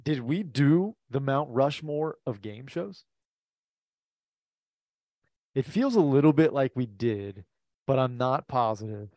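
A man's voice: medium pitch, animated, a little slow, darkish tone, no room sound. A man co-hosting a podcast, speaking hesitantly and searching for words. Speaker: podcast co-host. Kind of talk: casual chat.

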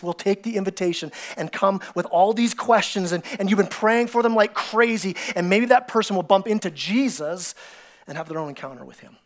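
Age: adult. Sex: male. Role: pastor. Style: sermon in a church, conversational and animated, acting out characters. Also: high voice. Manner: animated storytelling, acting out biblical characters with excited voices; conversational, repeats words and restarts often. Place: church sanctuary.

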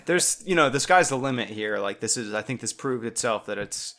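A man's voice: medium pitch, lively intonation, fairly quick, pushed and bright. Dry, sarcastic man in casual chat. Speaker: podcast co-host. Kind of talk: casual film discussion.

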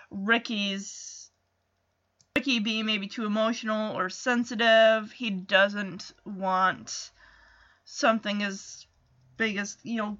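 A woman's voice: on the high side, pushed and bright, dull audio. A woman hosting a casual recap, retelling a TV episode with chatty asides, tangents and self-corrections. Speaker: podcast host recapping a TV episode.

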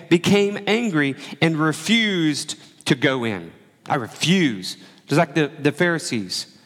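A man preaching a sermon in a relaxed, conversational way, acting out the quoted lines as he tells the story. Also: on the high side, big-room sound. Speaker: pastor.

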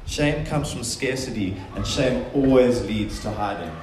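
A man's voice: mid-range voice, measured pace, background noise. A man preaching a sermon, earnest and emphatic, often voicing quotations in a stronger tone. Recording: very echoey room.

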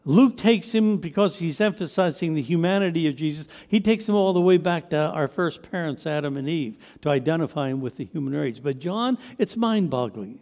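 High-voiced preacher in a reverberant hall. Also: male voice, lively intonation, normal speed, few pauses, a little mellow. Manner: emphatic, rising and falling for stress. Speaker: pastor. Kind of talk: sermon.

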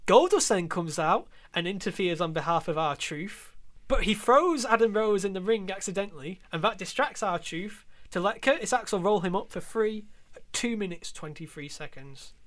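A man co-hosting a podcast in casual chat, animated and sarcastic, laughing often. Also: high-pitched, normal speed. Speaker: podcast co-host.

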